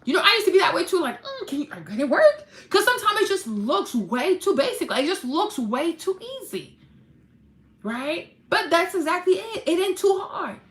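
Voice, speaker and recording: A woman with a high, swooping voice gives a casual, preachy pep talk about faith. She acts out mock-dramatic voices and swears freely. The sound is echoey, as if in a bare room. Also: very animated, normal speed, fairly bright tone. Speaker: vlogger.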